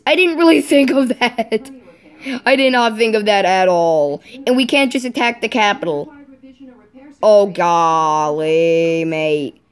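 A woman's voice: a little high, animated, normal speed. A woman giving casual let's-play commentary, thinking aloud in a rambling way, with fillers and sudden exclamations. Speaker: gamer playing a strategy game.

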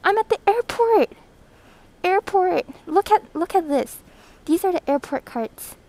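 Brief: woman streamer, high and unhurried, chatty, breathing hard behind a mask, phone mic, faint background hum. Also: vocal fry, poor audio. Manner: chatty, reads chat aloud, greets viewers excitedly. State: breathing heavily through a thick mask. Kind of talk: casual live stream chat. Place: airport terminal, indoors. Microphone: phone held by hand.

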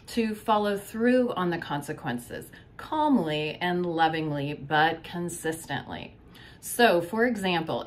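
Low-voiced calm woman therapist. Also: slight background noise. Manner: calm, measured, gentle. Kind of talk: advice talk to camera.

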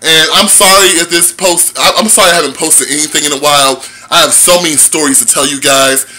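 A man with a high voice rants at his viewers in a vlog. His tone is piercingly bright and cutting, and he swears heavily the whole way through. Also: fairly quick, soft background music, low-quality recording. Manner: profane, heated ranting; talks straight to his viewers. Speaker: vlogger. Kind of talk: angry ranting vlog.

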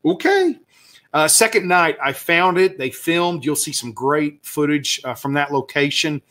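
A man's voice: fairly high pitch, steady tone, moderate pace, sharp tone. A man with a Southern US accent gives a casual slide talk as a birding guide, enthusiastic and rambling, with many fillers and restarts. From Southern United States.

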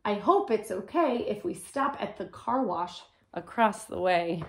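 A woman's voice: medium pitch, animated, a little slow, reverberant. A woman voicing a squeamish little boy in a picture book.

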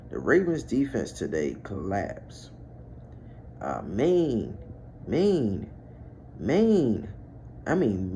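A young man vlogging a heated fan rant about his football team, swearing and breaking into near-yells when he gets outraged. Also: fairly low pitch, slight background noise. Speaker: YouTube sports vlogger.

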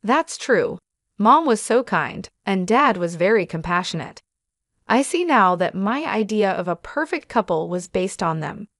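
A woman voicing a gentle young bride-to-be in a narrated story, with an even, plain delivery. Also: mid-range voice, a little slow, no room sound, studio quality. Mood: tender.

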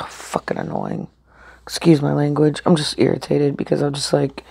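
A woman talks to her viewers between bites in a casual eating-show chat. Her voice has a gravelly, creaky edge, and she is blunt, swears, then says sorry for it. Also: low voice, dark tone. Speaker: mukbang vlogger.

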